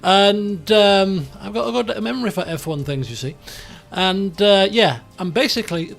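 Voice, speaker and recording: A man's voice: high voice, moderate pace, creaky, a bit bright, soft background music. A man streaming a racing management game, chatting casually in a rambling, self-deprecating way. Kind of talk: casual live-stream commentary.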